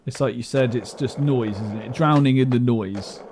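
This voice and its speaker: Speaking at a normal pace, this man has a mid-range, slightly mellow voice, with a bit of background noise behind him. It's casual live-stream chatter as he plays a game, rambling and self-deprecating.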